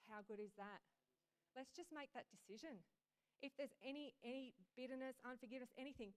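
A woman's voice: high-pitched, brisk, clean tone. A woman giving an informal sermon in a candid, conversational way, often restarting her sentences. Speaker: preacher.

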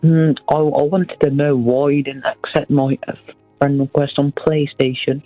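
A man's voice: fairly high pitch, flat delivery, moderate pace, dry recording, soft background music. Male caller on a tinny phone line. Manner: mock-disappointed, sheepish. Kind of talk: phone-in chat.

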